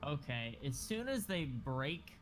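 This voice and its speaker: A man's voice: on the high side, sing-song, takes it slowly, a little hiss or hum. A man playing a tabletop game casually, thinking aloud and swearing. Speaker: player.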